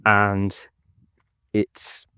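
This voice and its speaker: A man's voice: fairly low pitch, completely flat delivery, extremely slow, pushed and bright, smooth, dry recording, studio quality. Rambling Irish man in a voice note. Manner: chatty, rambling. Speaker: podcast co-host. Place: park outdoors at dusk. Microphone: phone voice note.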